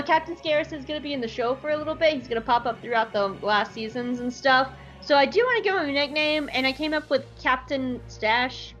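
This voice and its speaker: A young woman recapping an episode with a chatty, irreverent, profane bent. Her voice sits fairly high and moves lively. The audio is slightly dull, with faint music beneath. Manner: chatty, irreverent, swears freely. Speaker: show recapper.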